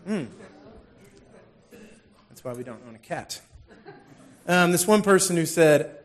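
A man's voice: a little high, slow, pauses often. A man, telling a funny story in a sermon and acting out the scenes with self-mocking humor. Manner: animated, self-deprecating, acts out scenes.

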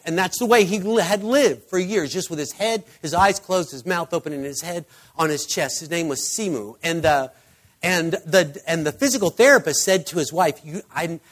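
A man preaching a sermon, telling a story with halting restarts, then praying softly. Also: high-pitched. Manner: halting, restarting, emotional storytelling that turns soft in prayer. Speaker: pastor.

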